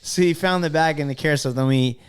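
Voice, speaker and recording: A man's voice: on the high side, fast, clear, resonant tone. A young man co-hosting a casual podcast, chiming in with jokes and laughter before taking over the story. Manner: chimes in with jokes and laughs, then picks up the story. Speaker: podcast co-host. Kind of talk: casual chat.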